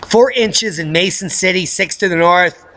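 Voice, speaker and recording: A man's voice: high-pitched, normal speed, sharp tone. A man hosting a weather channel, giving sarcastic, combative commentary on news stories.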